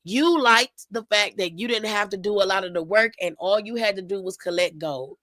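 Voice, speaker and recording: A woman's voice: mid-range voice, moderate pace, fairly bright tone, no room sound, poor audio. A woman hosting her own wrestling recap show, talking sassy and gossipy in a slangy way with lots of asides to her viewers. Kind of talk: casual recap commentary to camera.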